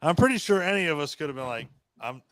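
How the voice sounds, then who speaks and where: A man hosting a casual chat, excitable and profane, from Scotland. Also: a little high, very fast, rough recording. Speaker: podcast host.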